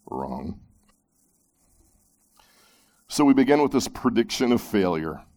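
A man preaching a sermon, reading scripture aloud and commenting on it, moving between loud emphatic peaks and hushed low phrases. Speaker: pastor.

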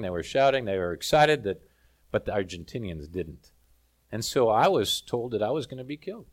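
A man from South Africa preaching a sermon, telling a lively story with humor. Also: mid-range voice.

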